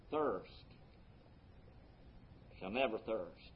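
A man pastor preaching a sermon, his voice swelling on key words and dropping low between them. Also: animated, measured pace, long pauses, dull audio. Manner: preaching with sweeping rises and drops in loudness.

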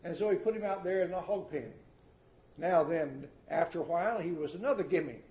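A man preaching a sermon in a church, folksy and emphatic, swinging between loud declaiming and hushed asides, repeating words for effect. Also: a little high, brisk. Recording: echoey, dull old recording.

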